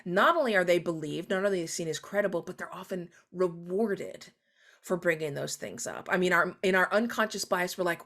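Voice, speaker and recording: A woman guest author talking animatedly in an interview, often acting out quoted voices with sudden high jumps. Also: a little fast, a bit bright. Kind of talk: conversational interview.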